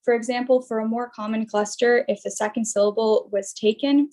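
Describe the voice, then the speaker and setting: Young woman presenting research over a video call, a bit high, lots of "um"s. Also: steady tone, brisk, a little mellow. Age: young adult. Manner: explanatory, with frequent fillers and restarts. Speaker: student presenter. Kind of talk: academic presentation.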